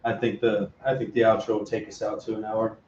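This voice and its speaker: A man's voice: on the low side, level tone, fast talker, a little mellow. Laid-back man guest, roomy sound. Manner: laid-back, brief reactions, swearing. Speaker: podcast guest, band vocalist. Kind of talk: casual chat. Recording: roomy, muffled, faint hum.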